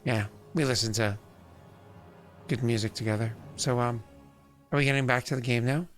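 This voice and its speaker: Hoarse, chatty man hosting a stream. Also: mid-range voice, moderate pace, a bit bright, faint music behind. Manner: rambling, chatty, self-deprecating. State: hoarse from singing. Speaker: streamer hosting a tabletop game. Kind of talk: casual chat on a live stream.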